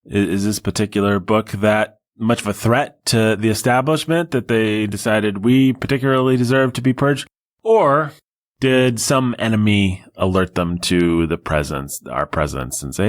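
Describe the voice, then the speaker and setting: Wry, digressive podcast host. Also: male voice, lowish voice, normal speed. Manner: wry and digressive, with sarcastic asides. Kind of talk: casual solo podcast monologue.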